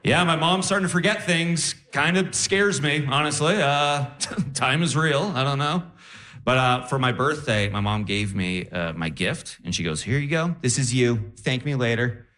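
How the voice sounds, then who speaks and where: A young man doing a stand-up set on a live stage, telling animated stories and quoting people in voices. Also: mid-range voice, normal speed. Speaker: stand-up comedian.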